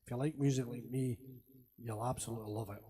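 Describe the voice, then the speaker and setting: A man's voice: mid-range voice, steady tone, fast, dark tone, husky. A Scottish man chatting casually between songs on a webcam stream, rambling and laughing as he tells stories. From Scotland. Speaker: singer streaming to friends.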